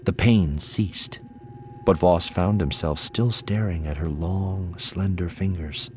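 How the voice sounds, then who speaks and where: A man with a deep voice narrates an audiobook in a measured, expressive way. He takes his time and lets his pitch rise and fall freely. A faint noise sits under the recording. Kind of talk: scripted narration.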